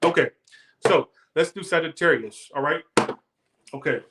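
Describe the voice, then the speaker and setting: Man, tarot reader, casual emphatic rant, defensive, slightly high voice. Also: moderate pace, fairly bright tone, roomy sound. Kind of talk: casual monologue to viewers.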